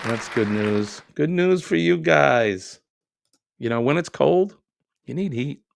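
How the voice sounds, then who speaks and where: Gravelly-voiced man chatting on a live stream. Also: lowish voice, no room sound, clean studio sound. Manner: chatty, joking, reads comments aloud. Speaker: live stream host reading viewer comments. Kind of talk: casual live chat.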